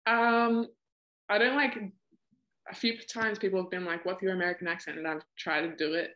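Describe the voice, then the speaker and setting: A woman's voice: fairly low pitch, steady tone, normal speed, a bit bright, highs cut off. A young woman with an Australian accent, a college basketball player chatting casually as a podcast guest and laughing often. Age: young adult.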